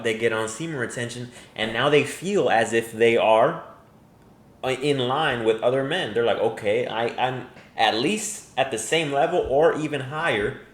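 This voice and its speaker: A man's voice: medium pitch, fairly bright tone. A man giving crude, mocking reaction commentary, emphatic and profane. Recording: echoey room.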